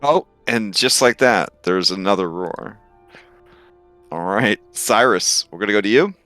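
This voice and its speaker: A man narrating as game master of a tabletop game, with a relaxed, hesitant delivery full of fillers. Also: fairly low pitch, measured pace, no echo. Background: faint music.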